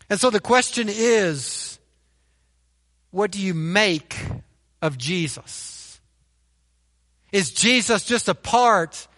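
A man's voice: high-pitched, bright, forceful tone, big-room sound. A man preaching a sermon as pastor, repeating phrases and checking in with the congregation with "right?". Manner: preaches with rhetorical "right?" tags and repetition.

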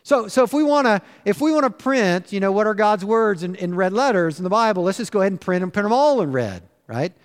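A man's voice: sits high, lively intonation, fast talker, hardly any pauses. A man preaching a sermon as pastor in his church, emphatic and full of rhetorical questions. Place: church sanctuary. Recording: long church reverb.

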